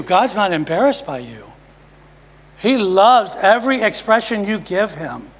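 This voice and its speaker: Male preacher, high voice, emphatic testimony, hushed drops, church reverb. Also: sing-song, moderate pace. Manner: emphatic, swings from loud to hushed. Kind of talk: sermon testimony. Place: church sanctuary. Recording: long reverb of a church hall.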